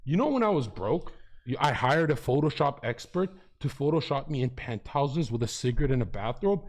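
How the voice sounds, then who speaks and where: A man's voice: mid-range voice, brisk. A man streaming, telling a story in a casual, heated debate and swearing heavily. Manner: animated, profanity-heavy storytelling that swings between hushed and loud.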